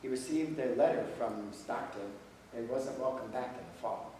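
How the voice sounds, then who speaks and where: A man's voice: mid-range voice, moderate pace, warm tone, slight background noise. An older man lecturing in a folksy way, telling stories full of quoted dialogue. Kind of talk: storytelling lecture. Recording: echoey hall, voice from far off.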